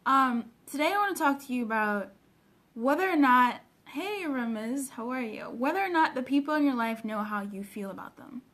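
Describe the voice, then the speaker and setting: A woman's voice: sits high, animated, moderate pace, a bit bright. A woman, a personal development coach, chatting casually on a live phone stream and stopping often to greet viewers by name.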